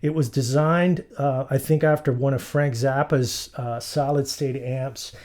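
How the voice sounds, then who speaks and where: A man of ordinary pitch hosting a guitar channel. He talks casually and loosely, filling pauses with ums and uhs as he rambles through stories. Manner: relaxed, rambling, many fillers. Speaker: guitarist host. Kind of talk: casual storytelling.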